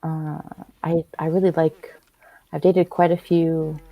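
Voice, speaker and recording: A woman's voice: low voice, little pitch movement, slow pace, mellow, no echo, rough recording. A woman from New York co-hosting a casual livestream, teasing and laughing easily. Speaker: co-host.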